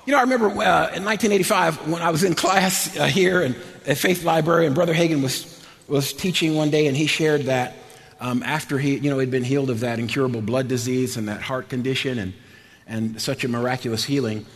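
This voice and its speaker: Animated preacher in a reverberant hall. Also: male voice, medium pitch, fairly quick, vocal fry. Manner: animated, laughing, swings from loud to quiet. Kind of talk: sermon.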